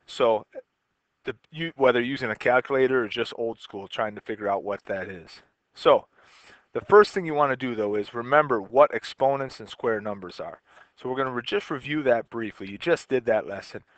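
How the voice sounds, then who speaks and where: A man's voice: medium pitch, moderate pace, dry recording. A man teaching a recorded math lesson in a casual way, explaining step by step while he writes. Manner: casual, talks while writing, repeats and restarts.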